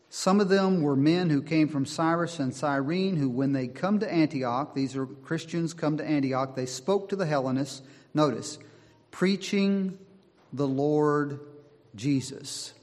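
A man preaching a sermon, slow and deliberate, driving his points home with emphatic repetition. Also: a little high, darkish tone. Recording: long hall reverb.

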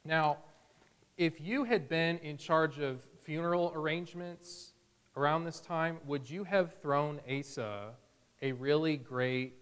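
Male preacher, chatty teaching style, slightly raised pitch, echoing hall sound. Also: slow, fairly bright tone, clear, resonant tone. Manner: conversational, chuckling, acting out quotes. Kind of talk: Bible teaching sermon.

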